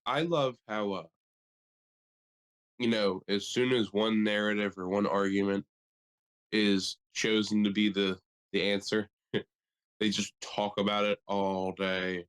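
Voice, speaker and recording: A man co-hosting a podcast in casual chat, riffing in a profane, animated way. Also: fairly low pitch, smooth. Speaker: podcast co-host.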